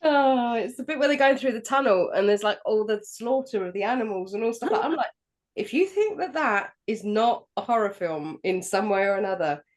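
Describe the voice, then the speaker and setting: A woman's voice: on the high side, animated, brisk. A woman from England co-hosting a film podcast in casual chat, emphatic and jokey, swearing freely. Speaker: podcast co-host.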